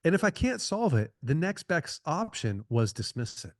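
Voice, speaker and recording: A man's voice: on the high side, big pitch swings, normal speed, no room sound, clean studio sound. A middle-aged man speaking as a podcast guest, giving earnest advice in a conversational way, repeating and restarting his phrases.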